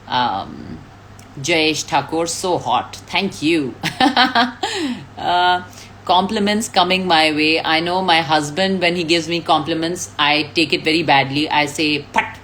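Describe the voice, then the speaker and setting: A woman's voice: deep voice, expressive, slow pace, fairly bright tone, a little hiss or hum. A woman, chatting casually on a live stream, reading out fan comments, thanking people and laughing often. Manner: reads out names, thanks fans, laughs often.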